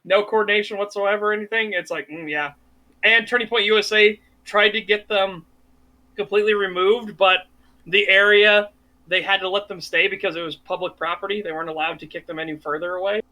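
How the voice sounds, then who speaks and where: A man co-hosting a casual podcast chat, talking bluntly and profanely with animated storytelling. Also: sits high, brisk. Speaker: podcast co-host.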